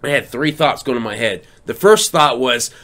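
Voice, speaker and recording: A man's voice: medium pitch, animated, normal speed, a bit bright. A man co-hosting a podcast in casual chat, telling rambling stories full of swearing. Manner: profane, rambling storyteller. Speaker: podcast co-host.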